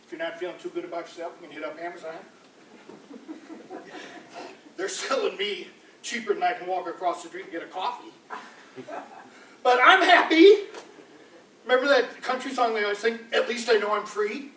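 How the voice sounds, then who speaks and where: A man doing rambling, animated political stand-up comedy before a live audience in a campus room, often slipping into mocking voices. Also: high voice, normal speed, pauses often, noisy background. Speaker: street comedian. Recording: echoey room, voice from far off.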